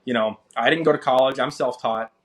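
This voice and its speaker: Chatty man in his thirties telling a story. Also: fairly quick. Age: 30s. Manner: animated, acts out quoted people with rising pitch. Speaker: interview guest, finance creator. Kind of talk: casual storytelling.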